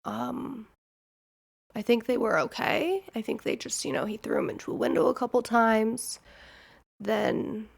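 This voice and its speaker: Gravelly-voiced Midwestern woman, rambling. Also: fairly high pitch, fairly even intonation, measured pace. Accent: Midwestern American. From Nebraska. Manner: rambling, candid storytelling with frequent "like". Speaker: podcast host. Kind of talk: casual chat.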